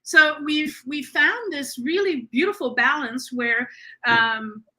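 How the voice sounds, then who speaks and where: A woman's voice: sits high, slow pace, pushed and bright. A woman hosting a spiritual podcast, talking in an earnest, reassuring way with frequent fillers. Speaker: podcast host. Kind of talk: casual spiritual conversation.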